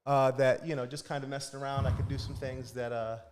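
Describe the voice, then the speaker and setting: Over a podcast studio mic with a noisy background, a man who directs a church kids ministry tells stories in casual chat, acting out children's voices. His pitch is medium, his tone level, his pace brisk.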